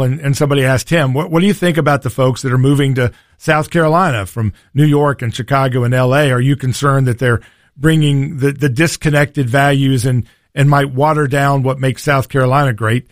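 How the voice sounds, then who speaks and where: A man's voice: mid-range voice, fairly even intonation, fairly quick, no echo, studio quality. A man hosting a political talk radio show, folksy and combative in his delivery. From Tennessee.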